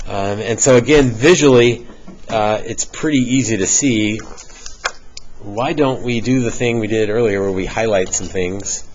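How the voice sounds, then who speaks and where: A low-voiced middle-aged man teaching a math class, casual and patient, with easygoing jokes tossed to the students. The sound is dull and lo-fi, with a faint hiss behind him. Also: unhurried. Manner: relaxed, joking asides to students. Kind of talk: classroom lecture.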